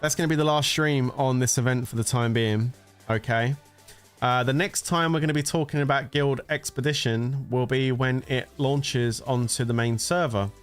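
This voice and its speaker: A man's voice: mid-range voice, fairly even intonation, moderate pace, smooth, soft background music. Chatty man streaming a game. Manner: chatty and jokey, often laughing. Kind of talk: casual gameplay commentary.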